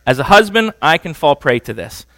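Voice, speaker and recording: A man's voice: fairly high pitch, very animated, brisk, fairly bright tone, no room sound. A man giving a conversational sermon on marriage, often checking in with the audience. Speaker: preacher teaching on marriage.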